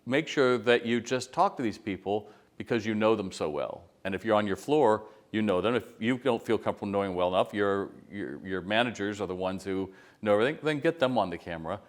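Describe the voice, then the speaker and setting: A man's voice: lowish voice, a little fast. A middle-aged man giving casual, conversational retail business advice straight to camera and acting out quotes as he tells stories. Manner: conversational storyteller, acts out quotes. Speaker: retail consultant.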